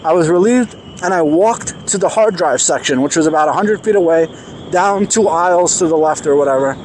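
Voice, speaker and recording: A man telling a personal story in an animated, emphatic way, acting out the dialogue. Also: a little high, brisk, slight background noise. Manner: excited, emphatic, acts out quoted dialogue.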